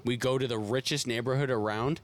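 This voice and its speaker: A young Canadian man co-hosting a casual podcast, rambling through childhood stories with casual swearing and flat denials. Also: mid-range voice, fairly quick. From Toronto area, Canada. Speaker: podcast co-host.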